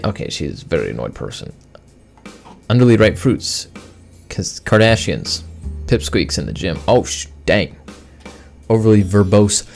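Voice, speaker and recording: Sarcastic low creaky gamer guy. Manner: sarcastic, mock-offended banter with on-screen characters. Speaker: gaming video host. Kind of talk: gameplay commentary, reading game text aloud.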